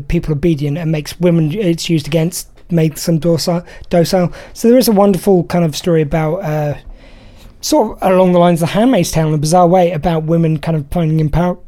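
A woman's voice: lowish voice, warm tone. A woman hosting a radio show, chatting casually and enthusiastically about films. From Britain. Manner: chatty, enthusiastic, laughs easily. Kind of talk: casual film review chat.

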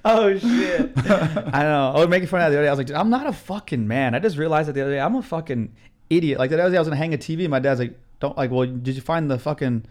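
A man's voice: fairly high pitch, lively intonation, rapid-fire. A man in his twenties hosting a podcast, chatting casually with heavy swearing and frequent laughter. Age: 20s. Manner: profane, rambling, laughs often. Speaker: podcast host. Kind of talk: casual chat.

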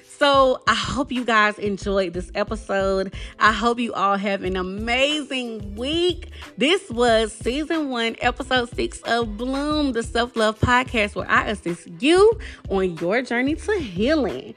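A woman's voice: fairly high pitch, animated, unhurried, fairly bright tone, soft background music. A woman hosting a self-love podcast, talking in a sassy, direct way and calling listeners baby and girl. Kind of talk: casual podcast talk with affirmations.

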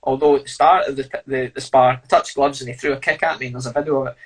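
A man with a husky, slightly rough voice, chatting as an interview guest. He tells blunt, sweary stories in a relaxed, laughing way. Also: medium pitch, fast, poor audio. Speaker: fighter and guest. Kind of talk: casual storytelling interview.

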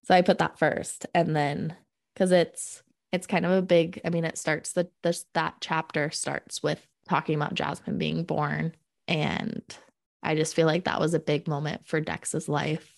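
A woman's voice: low-pitched, little pitch movement, unhurried, creaky. A woman co-hosting a casual book-discussion podcast, talking in an easygoing, agreeable way and often restarting her sentences. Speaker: podcast co-host.

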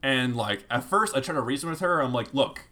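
A young man co-hosting a podcast, telling a long story in casual chat, animated, with lots of fillers and acted-out quotes. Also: mid-range voice, a little fast.

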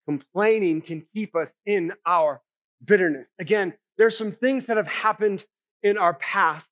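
A man's voice: high-pitched, measured pace, lo-fi sound. A male pastor preaching a sermon in a conversational way, often checking in with the congregation with "right?" and "okay?".

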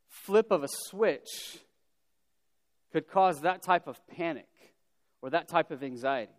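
A man giving a casual, animated storytelling talk to young people, with lots of fillers and repeated words. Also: on the high side. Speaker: youth speaker. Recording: long hall reverb.

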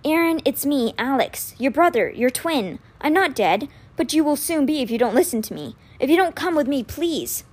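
A woman reading aloud puts on an earnest teenage boy in a storybook, his voice pitched high and swinging widely as he pleads urgently with his twin. The delivery is expressive and urgent. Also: normal speed, hardly any pauses. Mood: pleading.

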